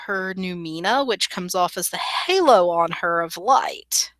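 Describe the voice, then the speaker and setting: Woman player in a tabletop game, bright voice, dry close sound. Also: fairly low pitch, expressive, a little slow, no echo, low-quality recording. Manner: casual, describing her character's actions.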